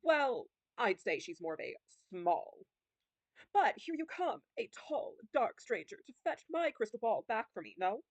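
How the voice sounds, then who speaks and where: A woman's voice: fairly high pitch, big pitch swings, unhurried, no room sound, voice pushed up, heavily acted. A woman reading a dramatic, fussy female fortune teller in a game with a grand, showy delivery. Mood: coy.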